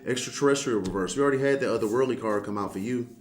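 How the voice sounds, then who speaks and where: A man's voice: mid-range voice, racing. A man giving a casual tarot reading, talking straight to the viewer in a sassy, blunt and profane way. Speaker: tarot reader.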